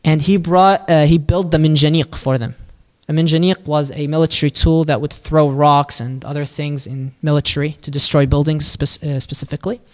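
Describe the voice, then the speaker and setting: A man telling a prophet's story at a mosque in a lively, casual way, acting out the quoted lines and using Arabic phrases. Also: fairly high pitch, brisk, hardly any pauses. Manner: casual, with fillers and restarts. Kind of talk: religious storytelling talk.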